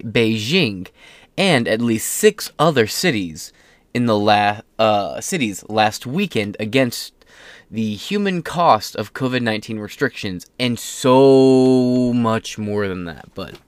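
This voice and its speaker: A fairly low-pitched voice with lively intonation takes it slowly as a political commentary host reads news aloud on his own show, rambling and sarcastic, tripping over words and swearing casually. There's no echo.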